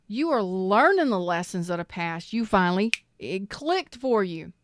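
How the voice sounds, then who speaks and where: A woman's voice: mid-range voice, very animated, normal speed, dry recording. A woman giving a live tarot reading, emphatic and preachy, swearing freely and close to tears. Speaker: tarot reader.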